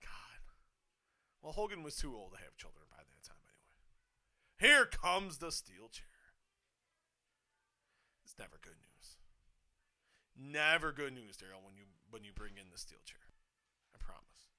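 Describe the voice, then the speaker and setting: A man giving excited live wrestling commentary, swinging from hushed muttering to sudden shouts, swearing and laughing often. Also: medium pitch, measured pace, long pauses. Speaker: co-host of a wrestling watch-along.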